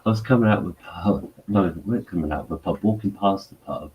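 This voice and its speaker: A man telling stories in casual chat, halting and rambling with many fillers. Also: low-pitched, slightly rough, dull audio.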